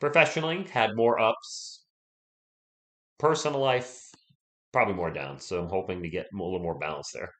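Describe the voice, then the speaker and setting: A deep-voiced man talks at a moderate pace with a fairly bright tone. He's still getting over being sick as he hosts a sports livestream, rambling casually and saying hello to viewers by name.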